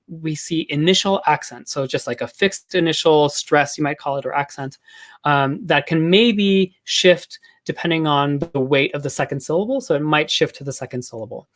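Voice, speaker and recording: Casual male linguistics lecturer. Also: a little high. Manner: casual, explanatory, with frequent filler words and restarts. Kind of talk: academic talk.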